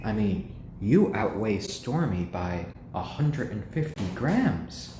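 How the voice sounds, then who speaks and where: A man with a low, dark voice hosts a casual live stream from home, talking slowly and gently as he coos over his pet chickens and answers viewers. His pitch swings widely when he talks to the birds. The room sounds echoey, with a faint hum of noise behind him. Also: big pitch swings. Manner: chatty, answers viewers' comments.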